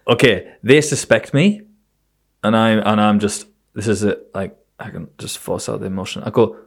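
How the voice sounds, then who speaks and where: A man's voice: fairly low pitch, fairly even intonation, normal speed, creaky. A young man, rambling and joking with many fillers in a casual chat.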